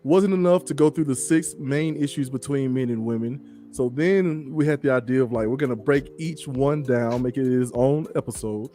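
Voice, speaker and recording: A man's voice: medium pitch, moderate pace, hardly any pauses, dark tone. A man from the American South hosting a podcast in a laid-back, chatty way, laughing easily. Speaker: show host. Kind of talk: casual podcast chat.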